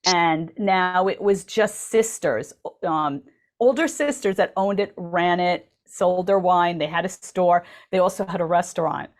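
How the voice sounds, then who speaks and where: A woman's voice: on the low side, measured pace. A woman co-hosting a radio talk show, telling a story in an enthusiastic, chatty way full of ums. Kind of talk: casual chat. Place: radio studio.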